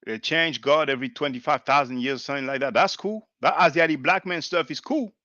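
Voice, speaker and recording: A man's voice: mid-range voice, fast talker, sharp tone, no room sound. A man giving sarcastic reaction commentary on a debate clip, mimicking and mocking what he hears. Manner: sarcastic, mimicking, repeats lines with mock emphasis. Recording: dull dry home recording.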